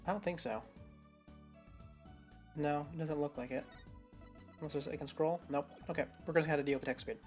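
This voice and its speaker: A woman's voice: deep voice, brisk, long pauses, a little mellow, soft background music. A woman streamer giving casual, self-deprecating commentary while playing a game. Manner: chatty, self-deprecating, thinking aloud.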